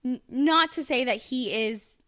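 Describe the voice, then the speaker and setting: A woman's voice: sits high, measured pace, pushed and bright. A woman in her thirties candidly telling a personal story on a podcast, rambling with many fillers and restarts. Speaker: podcast co-host.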